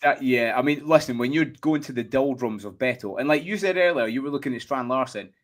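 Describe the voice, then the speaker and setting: A Scottish man with a mid-range voice hosts a laid-back football chat. He talks in a lively, animated way, often checking in with his co-host. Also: medium pitch, a little fast. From Scotland. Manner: animated, repeats "do you know what I mean". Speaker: podcast host. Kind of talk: casual chat.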